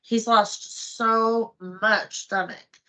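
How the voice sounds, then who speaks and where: Chatty, bright-voiced woman. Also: fairly high pitch, steady tone, extremely slow. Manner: chatty storyteller, acts out her own thoughts. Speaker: host's wife, guest. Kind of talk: casual chat.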